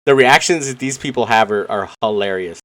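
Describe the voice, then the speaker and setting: A man's voice: fairly low pitch, a little fast, a bit bright, dry recording. Earnest man rambling on a podcast. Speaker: podcast co-host. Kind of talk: casual podcast chat.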